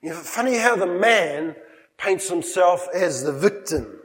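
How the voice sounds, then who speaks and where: Slow-speaking New pastor. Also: male voice, high-pitched, expressive, fairly bright tone, in a large hall, rough recording. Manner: emphatic, with playful humorous asides. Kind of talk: sermon. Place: church.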